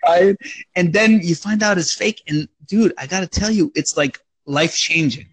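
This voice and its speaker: A man's voice: high-pitched, normal speed, breathy edge, dry recording. An adult man telling childhood stories in casual, profane chat, acting out voices as he goes.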